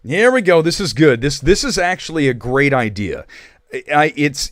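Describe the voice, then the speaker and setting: Lively, joking male stream host. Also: a little high, normal speed, no room sound, clean studio sound. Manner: joking, rambling, reads viewer comments. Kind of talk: live stream movie commentary.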